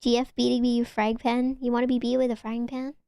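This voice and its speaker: A young woman with a Valley Girl accent chatting on her stream, talking loosely with lots of "like"s and sometimes dropping to a soft whisper. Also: little pitch movement, quick pace, creaky, clean tone, no echo, clean studio sound. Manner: chatty, filler-heavy with many "like"s, dips into low whispers. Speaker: VTuber streamer. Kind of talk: casual chat stream.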